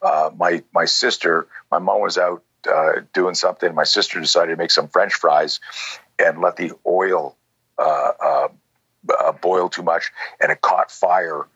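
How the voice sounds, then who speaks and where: A low, husky-voiced man in his sixties talks through a story in loose, rambling fashion, leaning on "you know" and "like" as he goes. The recording is dry and a little muffled. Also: steady tone, unhurried, a bit bright, no echo. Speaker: self-defense instructor, guest. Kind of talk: conversational storytelling.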